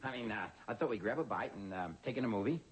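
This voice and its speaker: A man's voice: lowish voice, animated, fast, noisy background, close to an everyday voice. An actor playing a flustered middle-aged man who stammers and jokes his way through awkward moments, in a sitcom. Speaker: lead character. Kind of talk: sitcom acting. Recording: sitcom audio with studio audience laughing.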